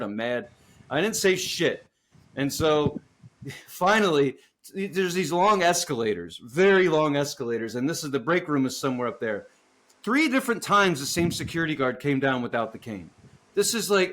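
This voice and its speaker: On a podcast, a male co-host tells a rambling, profanity-laced story in a casual chat. His voice is slightly raised and fairly high, he's animated and laughs easily, and his pitch jumps whenever he imitates the other people in the tale.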